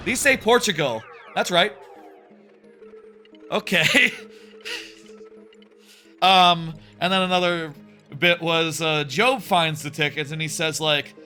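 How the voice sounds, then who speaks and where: A man's voice: a little high, slow, pauses often, pushed and bright. A man in his thirties chatting casually on a live stream while he plays, rambling with many fillers and restarts. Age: 30s. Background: faint game music.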